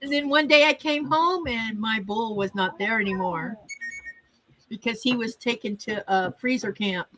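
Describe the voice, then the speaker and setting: A woman's voice: a little high, normal speed, pushed and bright, poor audio. A woman chatting on a video call, telling stories with laughter and asking questions. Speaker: regular guest in the chat. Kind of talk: casual chat.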